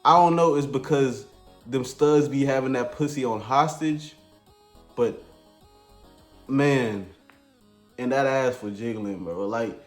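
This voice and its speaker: A man's voice: medium pitch, slow, pauses often. A man telling a crude comedic story in a laid-back, slangy, rambling way. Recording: echoey room with faint music.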